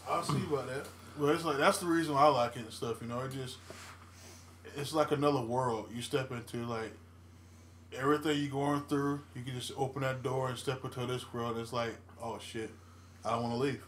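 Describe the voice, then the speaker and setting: A man's voice: mid-range voice, steady tone, a little fast, fairly bright tone, a little hiss or hum. A man who works as a coach, talking reflectively in a casual podcast chat and leaning on filler phrases. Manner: reflective, sprinkles in "you know".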